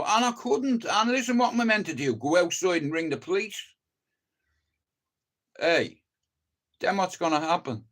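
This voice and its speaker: A man's voice: high-pitched, a bit bright. An older man with a Dublin accent in a casual livestream monologue, blunt and profane, agitated, stammering over restarts as he tells his story. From Ireland.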